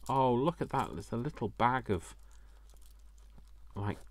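A man's voice: medium pitch, lively intonation, unhurried, no echo. A man chatting casually as he unboxes craft gifts, gushing, gasping and talking to himself. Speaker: craft vlogger.

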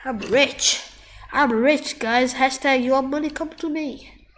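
High, sick-sounding excitable gamer woman. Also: takes it slowly. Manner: excitable, yelps and trash talk at the screen. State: sick, coughing. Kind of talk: live gameplay commentary.

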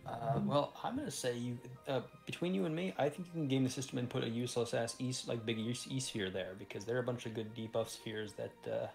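A man's voice: medium pitch, fast, creaky, hardly any pauses, a little mellow, faint music behind. A man co-hosting a gaming stream, rambling and correcting himself, with the odd swear. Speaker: podcast co-host. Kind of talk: casual gaming stream chat.

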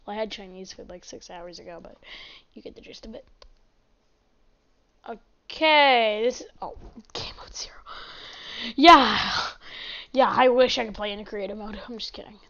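A woman giving casual, excitable gameplay commentary as a channel host, chatty and prone to sudden shouts and apologies. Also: mid-range voice, normal speed, long pauses, highs cut off.

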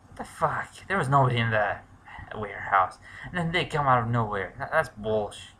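A man giving let's play commentary, muttering to himself and swearing, breaking into shouts when things go wrong. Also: mid-range voice, expressive, normal speed. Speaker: gamer.

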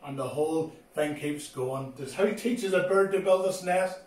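A man giving a children's sermon, swinging from loud exclamations to hushed, low phrases. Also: moderate pace, recorded from a distance. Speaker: children's ministry preacher. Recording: echoey room, voice from off the mic.

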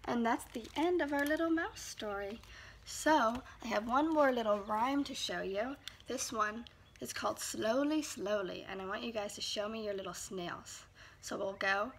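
A woman with a fairly high, gravelly voice reads a picture book to young children. She stretches her words in a slow, sing-song storytime rhythm and now and then slips into a soft whisper. Faint background noise sits under her voice. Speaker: children's librarian.

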